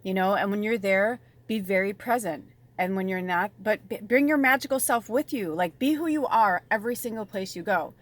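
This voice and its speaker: A woman giving a casual spiritual tarot reading, chatty and animated, swearing freely and dropping at times to a soft near-whisper. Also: mid-range voice, normal speed, hardly any pauses. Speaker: tarot reader and medium.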